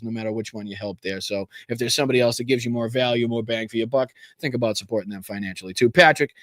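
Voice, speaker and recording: A man with a mid-range voice hosts a political commentary livestream, talking casually and with plenty of profanity. He rambles and keeps restarting his phrases. The recording has studio quality with no echo.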